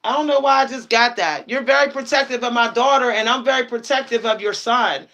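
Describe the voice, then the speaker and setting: A woman's voice: fairly high pitch, a little fast, fairly bright tone. A young woman chatting casually on a livestream as a psychic, laughing often and repeating herself for emphasis.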